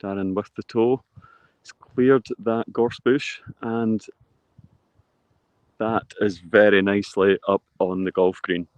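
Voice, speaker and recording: A man giving live play-by-play commentary outdoors on a golf course, steady and descriptive, lifting on big shots. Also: fairly low pitch, slow pace, no echo, highs cut off.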